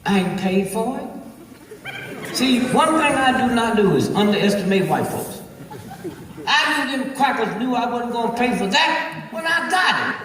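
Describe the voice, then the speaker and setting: A man's voice: extremely high pitch, expressive, moderate pace, crowd noise. Older man preaching stand-up in echoing hall. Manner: profane, preachy, keeps asking "Huh?". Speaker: stand-up comedian. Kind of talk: stand-up storytelling to a live audience. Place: large auditorium. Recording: echoey hall recorded from far off.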